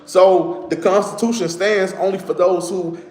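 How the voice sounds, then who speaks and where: A man with a fairly high voice talks casually, looping back over the same points as he explains them. He often turns to his listeners with direct asides. The room around him rings with noticeable echo. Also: fairly even intonation, measured pace, a little mellow, slight background noise. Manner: conversational, repeats points, addresses viewers directly. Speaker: online commentator. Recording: echoey room.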